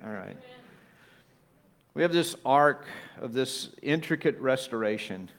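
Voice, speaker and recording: A man preaching a sermon, building from quiet reflective lines to loud, emphatic peaks. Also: mid-range voice, expressive, measured pace. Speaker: pastor.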